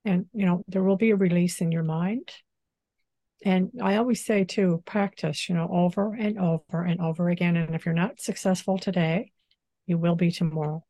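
A woman with a low, mellow voice explains spiritual practice in a gentle, unhurried way. She pauses often and leans on "you know" as she talks, recorded dry and close. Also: steady tone, no room sound. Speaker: spiritual teacher and channeler. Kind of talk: calm spiritual interview talk.

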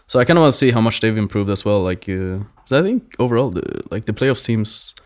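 Joking guy, lowish voice. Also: expressive, fast. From Sweden. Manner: joking, playful. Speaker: guest, pro gamer. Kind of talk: casual interview chat.

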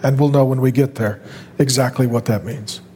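A man preaching a fervent sermon as a pastor, building from steady talk to loud, pleading shouts. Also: mid-range voice, moderate pace, long reverb tail, a little hiss or hum.

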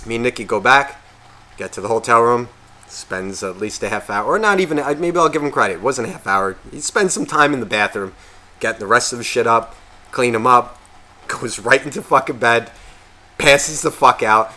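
A man's voice: mid-range voice, moderate pace. A man co-hosting a podcast, telling a rambling story in casual chat and swearing constantly. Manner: heavy swearing, rambling and animated. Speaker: podcast co-host.

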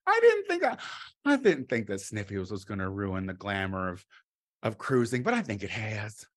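Speaking at a normal speed, a middle-aged man delivers crude comedy with a campy, lively flair. Loud exclamations give way to quiet muttering and then return again.

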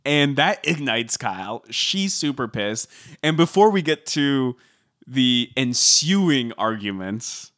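A man's voice: medium pitch, very animated, slow, fairly bright tone. A man co-hosting a podcast, recapping a reality show in casual chat and hedging with likes and ums. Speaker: podcast co-host.

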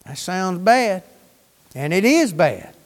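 A man's voice: high voice, very animated, slow pace, in a large hall. A man preaching a sermon, fervent and folksy, firing questions at his congregation.

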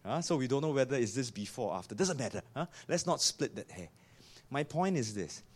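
Man, pastor, sermon, animated pitch, emphatic. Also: a little fast. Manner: animated, emphatic, repeats key lines.

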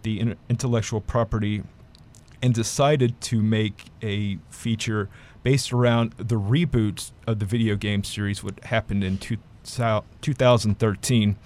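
A man's voice: fairly low pitch, steady tone, measured pace, darkish tone. A man reviewing films in a casual chat, rambling with many fillers and restarts. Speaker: film critic.

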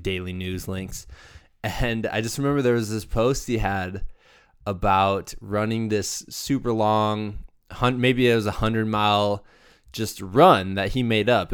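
Chatty low-voiced male podcast host. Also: clean tone, no room sound, studio quality. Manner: chatty, self-deprecating, lots of fillers and restarts. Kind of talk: casual podcast intro.

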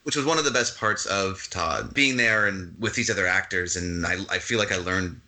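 A middle-aged man chats casually as an interview guest, relaxed and given to laughing through his stories. His voice sits a little low but sounds very bright. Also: normal speed, rough recording. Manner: laid-back, chatty, laughs while telling stories. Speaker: actor guest.

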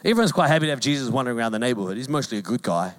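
A man with a New Zealand accent, a pastor preaching a sermon in a lively, joking way and mimicking calls in a high voice. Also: racing. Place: church hall.

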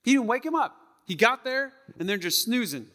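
A male pastor preaching a sermon, acting out tones of voice and sometimes dropping to a hush. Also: very high voice, moderate pace, in a large hall. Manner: animated, acts out tones of voice, drops to a hush. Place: church sanctuary.

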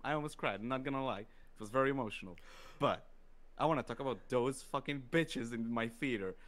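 A man telling a story in casual podcast chat, profane and animated, acting out quotes. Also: mid-range voice, a little fast.

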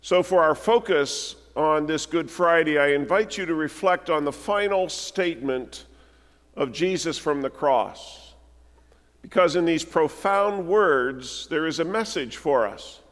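A man's voice, pitched a little above most men, preaches and reads scripture in a slow, deliberate way. His words ring out with a long reverb through a large church sanctuary. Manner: measured, deliberate reading with slowed emphasis. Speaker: pastor. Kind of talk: sermon with scripture reading.

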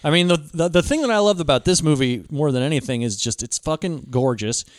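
Dude gushing about movies on a podcast, kinda high voice, lots of likes and restarts, dead dry mic. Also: male voice, lively intonation, fairly quick, no echo. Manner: enthusiastic, many fillers and restarts. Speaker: podcast co-host. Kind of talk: casual film discussion.

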